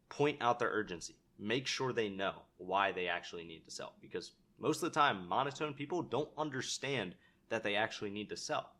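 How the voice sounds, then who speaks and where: A man's voice: deep voice, brisk, pushed and bright. A young man teaching sales calls in a casual, conversational way, acting out sample lines to sellers. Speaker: sales trainer. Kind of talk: instructional talk with role-played sales calls.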